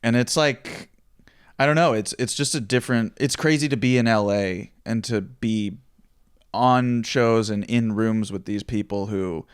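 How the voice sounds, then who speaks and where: A man's voice: mid-range voice, a little slow, clean tone, no room sound, clean studio sound. A young adult man from Philadelphia, a comedian hosting a casual chat, asking questions and reflecting on his own place in comedy with some self-deprecation. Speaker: podcast host, comedian.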